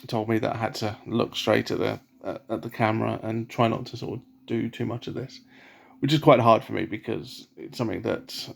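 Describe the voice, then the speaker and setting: A man telling a personal story in a casual vlog, rambling with many fillers and restarts in a soft, self-conscious way. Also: mid-range voice, creaky. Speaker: vlogger.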